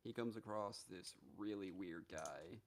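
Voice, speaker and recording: A man on a live gaming stream casually retelling a story, animated and profane, with many fillers. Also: deep voice, a little slow.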